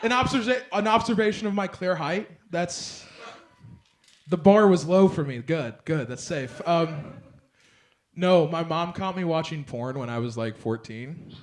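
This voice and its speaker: A young man performing a stand-up set on a club stage, rambling through a story with lots of fillers and bursts of loud acted-out lines. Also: a little high, measured pace, pauses often. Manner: rambling storyteller, filler-heavy, swings loud when acting out others. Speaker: stand-up comedian. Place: comedy club stage with laughing audience. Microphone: handheld stage mic.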